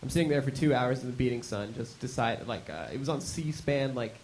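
A man's voice: mid-range voice, fairly quick, slight background noise. A man doing a stand-up set, telling a rambling story. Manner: rambling storytelling, bursts into shouted mock slogans. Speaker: stand-up comedian.

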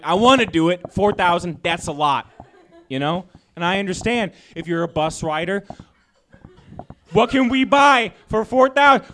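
A man with a high voice performs stand-up comedy, animated and self-deprecating as he works through his jokes. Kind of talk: stand-up set.

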